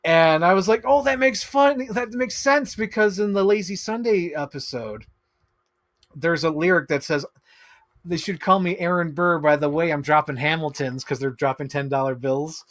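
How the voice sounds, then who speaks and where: A man in his thirties hosting a casual unboxing stream, chatting in an excitable, rambling way with bursts of laughter. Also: a little high, moderate pace. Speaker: streamer host. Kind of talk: casual chat while unboxing collectibles.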